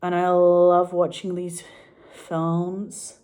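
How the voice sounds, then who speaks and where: A middle-aged Scottish woman with a Glaswegian accent, a film director chatting to camera in a rambling, excitable way, swearing freely and laughing often. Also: lowish voice, very slow. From Scotland. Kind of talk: casual chat to camera.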